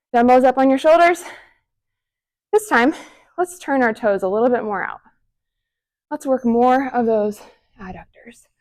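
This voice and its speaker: A young woman with a slightly high voice coaching a home workout. She is out of breath and puffs between cues. She counts down sets and cheers the listener on. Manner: encouraging, counting down reps between short breathy exhales. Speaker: fitness instructor. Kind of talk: follow-along workout instruction.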